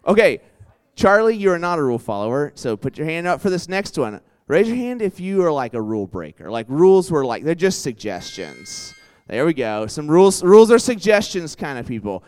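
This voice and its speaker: A young man preaching in a casual storytelling style, chatty and animated, full of asides and questions put to a live audience. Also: fairly high pitch, fairly quick, clean tone. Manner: chatty and animated, full of "like" and "right?", quizzes the crowd. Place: church hall with a live audience.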